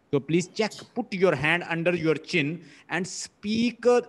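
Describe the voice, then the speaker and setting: A man's voice: high voice, lively intonation, a little slow, hardly any pauses. A man with a Pakistani English accent teaching a linguistics lesson, repeating points and sounding out words syllable by syllable. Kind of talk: classroom lecture.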